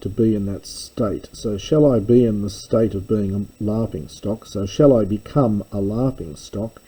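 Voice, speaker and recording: A man reads through an old text and explains it line by line, in a slow, unhurried way. His voice is low and dark. He has a slightly husky edge and often stops mid-thought to correct himself. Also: poor audio. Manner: measured, self-correcting, thinking aloud. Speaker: classics lecturer.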